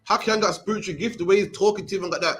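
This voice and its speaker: A religious class teacher from Birmingham races through a scripture breakdown class in a high, fairly bright voice while faint music plays behind him. His delivery is streetwise, and he caps phrases with "man."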